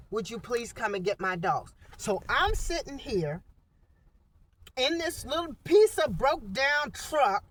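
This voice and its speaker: Woman, vlogger, heated rambling rant, lively up-and-down pitch, slightly high voice, phone recording in a small truck. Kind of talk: ranting vlog monologue. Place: inside a small parked truck.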